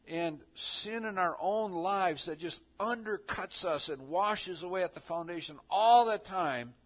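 A man preaching a sermon, acting out the voices of God and his listeners with lively emphasis. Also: on the high side, dull audio.

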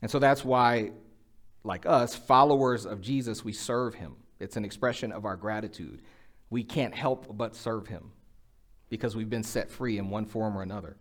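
A man's voice: on the low side, moderate pace. A middle-aged man preaching a sermon in a conversational way, acting out quoted lines with a rising voice. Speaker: pastor.

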